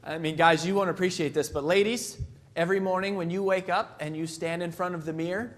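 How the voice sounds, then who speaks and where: Male keynote speaker, a touch high-pitched, joking storyteller at a convention mic. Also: steady tone, a little fast. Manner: storytelling, jokey, acts out voices. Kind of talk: live motivational talk.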